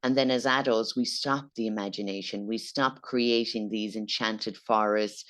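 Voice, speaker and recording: A woman's voice: a bass voice, steady tone, normal speed. A woman hosting a podcast, speaking reflectively in casual interview chat. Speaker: podcast host.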